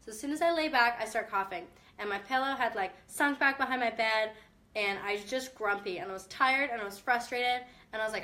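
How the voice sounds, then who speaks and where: Bright-voiced upbeat young mom. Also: female voice, a little high, fairly quick. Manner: upbeat, chatty, direct encouragement. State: chest cough. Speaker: mom vlogger. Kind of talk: casual motivational talk to camera.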